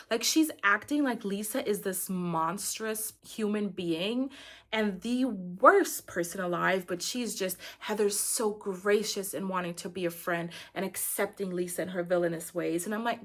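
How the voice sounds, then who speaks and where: A woman's voice: medium pitch, normal speed, a bit bright. A woman giving a casual, opinionated recap of a reality show, chatty and filling her talk with "like". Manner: chatty and opinionated, saying "like" constantly. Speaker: recap YouTuber.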